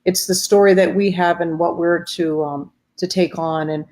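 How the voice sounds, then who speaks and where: A woman's voice: fairly low pitch, steady tone, moderate pace. A woman hosting a faith-based support livestream over a video call, chatting casually and greeting viewers by name. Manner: warm greetings to viewers, many fillers. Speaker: host of grief support livestream.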